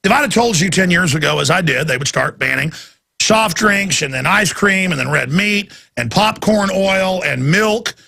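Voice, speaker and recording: A man's voice: high-pitched, animated, moderate pace, vocal fry, pushed and bright. A man hosting a talk radio show, ranting emphatically in a heated monologue and taking callers. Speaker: radio host.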